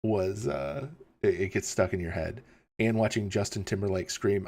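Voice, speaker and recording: A man's voice: low-pitched, normal speed, a little mellow. A man hosting a livestream, rambling casually, chuckling and reading chat questions aloud, tired in the early morning. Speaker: livestream host.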